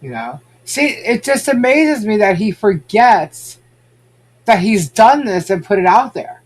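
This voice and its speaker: A man's voice: high voice, big pitch swings, unhurried, breathy edge. A man hosting a casual podcast, chatting and reacting to viewer comments. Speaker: podcast host. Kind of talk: casual gossip chat.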